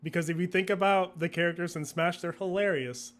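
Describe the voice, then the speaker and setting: Laughing, rambling young man, higher voice. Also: steady tone, a little fast. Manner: rambling, laughs often, acts out his own thoughts in quotes. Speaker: guest, video creator. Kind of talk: casual interview chat.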